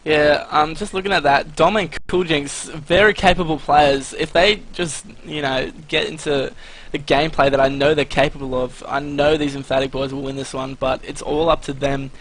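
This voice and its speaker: Male analyst caster, slightly high voice, chatty stat breakdowns full of fillers. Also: fairly even intonation, normal speed, fairly bright tone, low-quality recording. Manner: analytic, laced with "uh" and "anyway" fillers. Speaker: esports commentator. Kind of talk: live color commentary and stat rundown.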